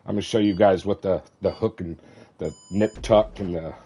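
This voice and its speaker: A man's voice: low voice, fairly even intonation, normal speed, background noise. A middle-aged man chatting casually on a gaming stream, cursing freely, joking and laughing often.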